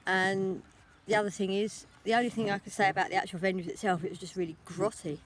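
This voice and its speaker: A woman's voice: medium pitch, flat delivery, a little hiss or hum. A tired young woman chatting in a rambling vlog, talking into her phone while walking outdoors. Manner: rambling, talks without pausing to think. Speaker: vlogger. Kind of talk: casual vlog chat.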